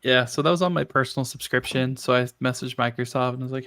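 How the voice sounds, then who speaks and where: A man's voice: mid-range voice, fast, hardly any pauses, clear, resonant tone. A man talking casually on a tech podcast, chatty and self-deprecating. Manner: chatty, self-deprecating, quotes people in lively voices. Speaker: podcast host.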